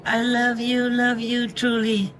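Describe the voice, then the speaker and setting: A woman talking softly and tenderly to a wild fox outdoors at night, slow and reassuring. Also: fairly high pitch, completely flat delivery, slight background noise. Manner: soft, doting, slow and reassuring. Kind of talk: tender one-sided talk to an animal.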